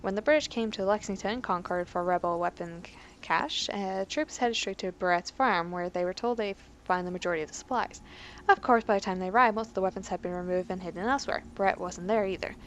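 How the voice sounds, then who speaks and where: A woman's voice: mid-range voice, quick pace, a little hiss or hum. A woman hosting a let's play, reading in-game history entries aloud with joking asides and frequently tripping over her words. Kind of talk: casual gameplay commentary.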